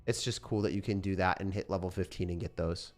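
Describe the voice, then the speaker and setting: A young man with a fairly low voice talks loosely to his stream viewers. His delivery rambles along with plenty of fillers and restarts. Faint music plays quietly underneath. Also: fast. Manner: relaxed, rambling, lots of fillers. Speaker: gaming streamer. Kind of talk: casual sponsored stream chat.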